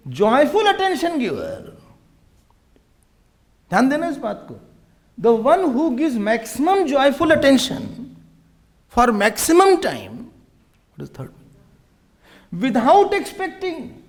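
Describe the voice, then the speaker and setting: A man giving a humorous spiritual discourse as a swami, acting out family quarrels and slipping into Hindi. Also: very high-pitched. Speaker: swami giving a scripture talk.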